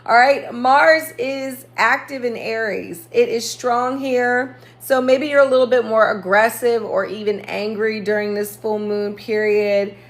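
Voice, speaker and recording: A woman's voice: fairly high pitch, steady tone, unhurried, few pauses. A woman astrologer hosting a casual live stream, chatting and laughing, greeting viewers by name and correcting herself as she goes.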